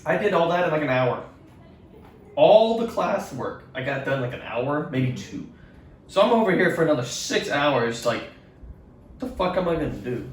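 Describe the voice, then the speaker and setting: Young male podcast co-host, profane storyteller, lively pitch, roomy distant sound. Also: moderate pace, slight background noise. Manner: rambling, profane, animated retelling. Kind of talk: casual storytelling chat. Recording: echoey room from far off.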